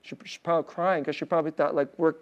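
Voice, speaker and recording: Korean-American pastor telling a warm story. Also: male voice, fairly high pitch, flat delivery, quick pace, lo-fi sound. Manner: conversational, personal storytelling with frequent soft laughs and filler "like"; drops to a hushed, tender voice on emotional points. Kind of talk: sermon.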